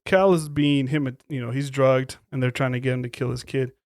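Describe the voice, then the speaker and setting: A man's voice: medium pitch, a little fast, no room sound, clean studio sound. A man co-hosting a podcast in casual chat, swearing a lot and acting out lines as he retells scenes. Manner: profane, animated storytelling, acts out quotes. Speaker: podcast co-host.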